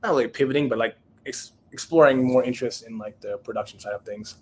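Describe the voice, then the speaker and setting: A chef in his thirties, guesting on a podcast, tells a story casually and acts out the people he quotes like an animated storyteller. His voice is medium-pitched and quick, with slight background noise.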